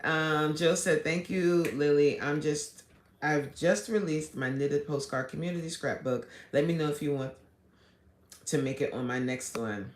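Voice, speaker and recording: A woman's voice: low-pitched, unhurried. A fitness coach, chatting casually on a live stream as she reads viewer comments and answers them. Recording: echoey room.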